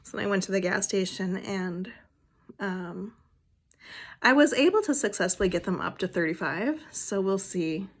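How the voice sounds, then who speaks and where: A woman vlogger in casual, rambling personal chat, now and then soft-spoken and emotional. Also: medium pitch, expressive, normal speed.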